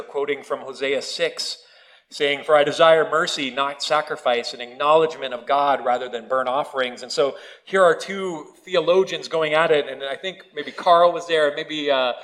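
A pastor giving a sermon in a church, reading scripture and then preaching in a conversational way with stories from family life. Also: male voice, on the high side, moderate pace, fairly bright tone, rough recording.

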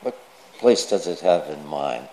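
Slow, deep-voiced man preaching. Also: expressive, dark tone. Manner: slow, measured delivery with storytelling asides. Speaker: priest. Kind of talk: gospel reading and sermon.

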